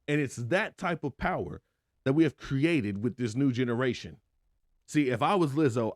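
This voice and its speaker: A man's voice: medium pitch, no room sound. Emphatic man with a dry, close sound. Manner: emphatic, conversational, asks rhetorical questions. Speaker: podcast host. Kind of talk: opinionated solo monologue.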